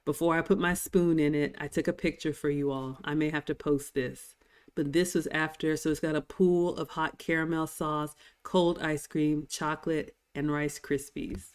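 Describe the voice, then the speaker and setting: Woman vlogger, lowish voice, gushing live-stream chat. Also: steady tone, moderate pace, smooth. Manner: gushing, chatty, reads viewer comments aloud. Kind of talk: live-stream commentary over cruise dining footage.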